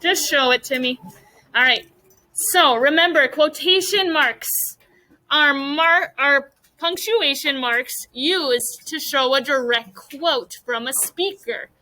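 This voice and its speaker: Bright high-voiced woman teacher. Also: takes it slowly, low-quality recording. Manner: patient, guiding questions to students. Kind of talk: classroom mini lesson.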